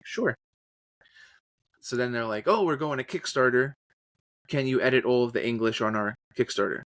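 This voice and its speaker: A man telling stories in a casual interview, animated, often slipping into trailer-style and character voices. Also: on the low side, no echo. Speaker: podcast guest, voice actor and journalist.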